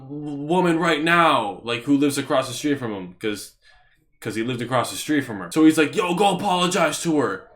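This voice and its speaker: A young man in casual storytelling mode, rambling and animated, full of fillers like "you know" and "like". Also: on the high side. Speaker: vlogger.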